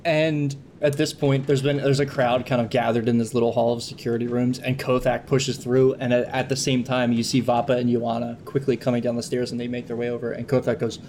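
A man narrating as game master, lively and quick to laugh. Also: mid-range voice, slight background noise.

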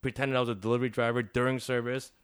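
A man's voice: medium pitch, racing, smooth. Profane, laughing middle-aged man telling stories. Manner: profane, laughing, animated storytelling. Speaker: visual artist guest. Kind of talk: casual storytelling interview.

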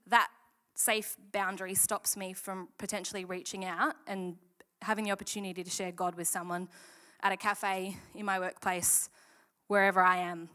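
Woman, casual sermon, candid, chatty, animated quotes. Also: mid-range voice. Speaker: church speaker.

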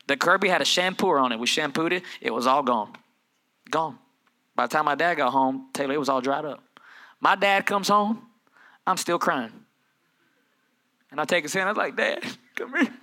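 A man, a pastor preaching a sermon, telling stories and acting out family voices, moving between quiet asides and loud, building preaching. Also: a little high, moderate pace, long pauses.

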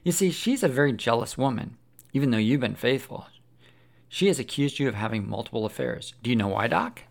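A man voicing Lucifer as a sly, mocking male devil who gloats and taunts with sarcasm, in a gravelly voice. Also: mid-range voice, expressive, brisk. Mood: gloating.

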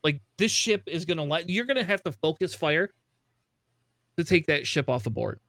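Excitable man with a dry close sound. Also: on the high side, moderate pace, no echo. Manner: excitable, laughs often, swears casually. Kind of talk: casual gaming chat.

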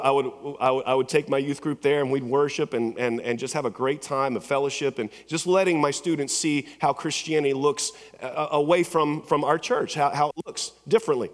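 A male pastor preaching a sermon in a church, telling stories conversationally with many restarts and repeated words. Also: medium pitch. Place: church sanctuary. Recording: long church hall reverb.

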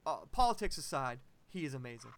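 A man's voice: mid-range voice, very animated, quick pace. A young adult man co-hosting a podcast in casual chat, emphatic and opinionated. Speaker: podcast co-host.

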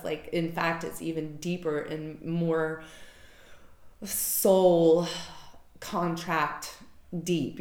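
A woman's voice: low-pitched, darkish tone. A woman candidly telling a personal story in an emotional, informal way, swearing casually. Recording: echoey room.

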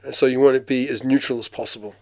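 A man who grew up in Australia, a working actor, telling his story in a casual interview with lively mimicry and frequent restarts. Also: mid-range voice, fast, dry recording. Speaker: actor, guest.

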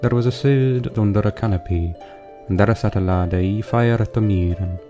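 A man reads an old passage aloud in a slow, measured recitation, using a period pronunciation. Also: fairly low pitch, over music.

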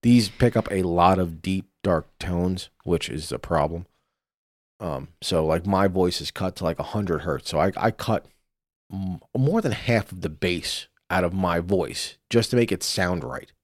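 A man with a very deep, low voice co-hosts a podcast, talking casually and swearing freely as he rambles through his points. He speaks close to a studio microphone, and the sound is dry. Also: a little slow, no echo. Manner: casual and profane, rambling with restarts. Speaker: podcast co-host. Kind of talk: casual chat.

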